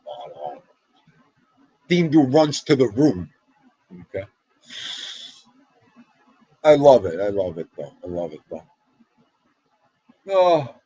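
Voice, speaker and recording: A middle-aged man with a North Jersey accent hosts a livestream, rambling animatedly in Italian-American slang and calling out viewers by name from chat. His lowish voice has vocal fry and a breathy edge, with no echo and dull audio.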